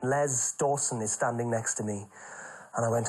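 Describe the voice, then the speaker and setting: A man's voice: mid-range voice, normal speed, breathy edge, low-quality recording. A middle-aged Welsh man, a comedian, telling chatty backstage anecdotes in an interview and acting out the people in them. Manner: chatty, animated, acts out the people in his stories.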